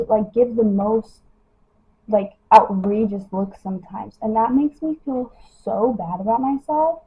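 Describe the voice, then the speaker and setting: A woman's voice: a little high, husky. Chatty young woman on a lo-fi livestream. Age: young adult. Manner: chatty, lots of "like" and "you know". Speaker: model livestreaming her skincare routine. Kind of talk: casual livestream chat. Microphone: phone.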